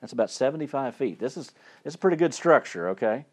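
A man's voice: medium pitch, expressive, quick pace, breathy edge. A male preacher giving a sermon, retelling a Bible story in a casual, conversational way and often restarting and repeating words.

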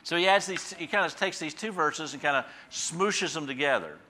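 With a fairly high, sharp voice and lively intonation at normal speed, a middle-aged pastor delivers a casual radio sermon over slight background noise. He's folksy and full of fillers and restarts, suddenly raising his voice to stress key phrases.

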